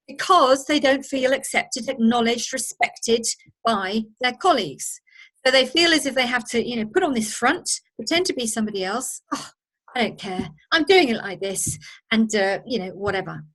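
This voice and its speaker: A woman with a slightly high voice gives a spoken lesson on handling emotions. She talks in a relaxed, conversational way and slips into little acted-out reactions to illustrate her points. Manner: conversational, acts out quoted reactions. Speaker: presenter of a training course.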